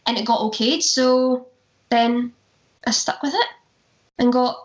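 This guest, a young musical theatre performer from Glasgow, has a slightly high voice and a measured pace. She shares anecdotes conversationally, laughing a lot and performing the quotes she recounts. The sound is roomy, dull, and lo-fi.

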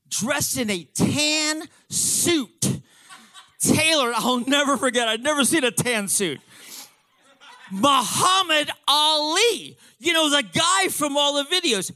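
A man in his fifties telling a comic story to an audience, excitable and profane, stumbling over restarts. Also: very high-pitched, dry recording.

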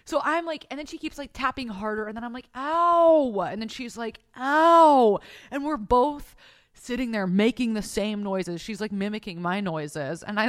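A young adult woman hosting a podcast from her bed, telling a story in casual, profane chat on a close mic. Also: mid-range voice. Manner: profane, animated, acts out voices in her stories. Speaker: podcast host. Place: bedroom at home. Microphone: close mic in front of her face.

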